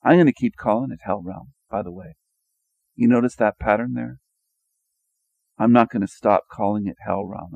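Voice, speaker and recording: Gravelly low-voiced man, sarcastic questioning. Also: darkish tone, dry recording. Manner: rhetorical questioning, mocking, repetitive. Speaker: video commentator. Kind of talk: sarcastic monologue over images.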